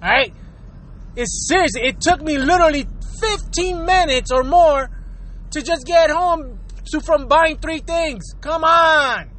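Male host from Florida, very high pitch, fed-up profane rant, repetitive, sprinkles in Spanish. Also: a little slow, a bit bright, slight background noise. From Florida, USA. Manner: exasperated, repetitive, swears a lot; mixes in Spanish words. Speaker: show host.

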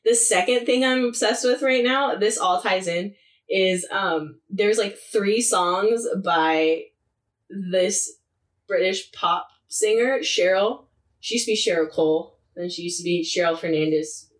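A woman's voice: medium pitch, far from the mic. Chatty laughing woman, a bit off-mic. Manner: animated storytelling, laughs often, quick asides. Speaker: podcast co-host. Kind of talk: casual chat.

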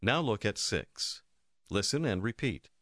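A man's voice: on the low side, lively intonation, unhurried, bright, forceful tone, no room sound, studio quality. A man narrating a recorded language course, giving instructive prompts to the learner. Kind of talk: scripted lesson narration.

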